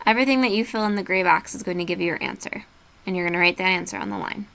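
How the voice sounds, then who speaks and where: A woman's voice: lowish voice, rapid-fire, creaky, fairly bright tone. A woman teacher giving a remote reading lesson, patiently walking students through a worksheet and spelling words letter by letter.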